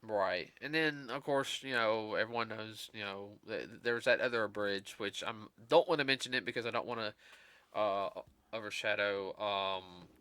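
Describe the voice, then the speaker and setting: A tired man chats loosely on a podcast, his slightly low voice carrying a bright, forceful edge. He rambles, restarting sentences and padding them with fillers, all in a dry, close sound. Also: normal speed, clean tone, no room sound. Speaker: guest host. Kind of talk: casual podcast chat.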